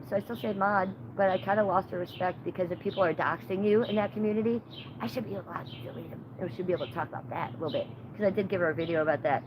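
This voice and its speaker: A woman's voice: medium pitch, a little hiss or hum, rough recording. A woman hosting her own livestream, rambling through profane, gossipy stories in casual chat. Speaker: livestream host.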